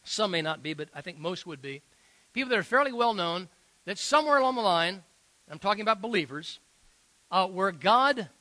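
A middle-aged male pastor preaching with a high, bright voice. His delivery is earnest and emphatic, with fillers and restarts, and the sound is close and dry. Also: no room sound, low-quality recording. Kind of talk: sermon storytelling.

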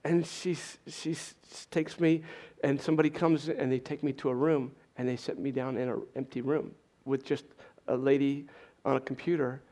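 A man's voice: medium pitch, flat delivery, normal speed, mellow. A middle-aged man telling an audience an emotional personal testimony, earnest and urgent. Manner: earnest, urgent, intense retelling. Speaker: speaker giving a personal testimony.

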